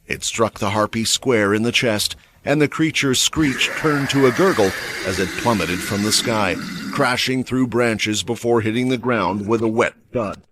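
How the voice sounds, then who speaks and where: A man narrating a fantasy story recap with an expressive, dramatic delivery. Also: lowish voice, normal speed, noisy background.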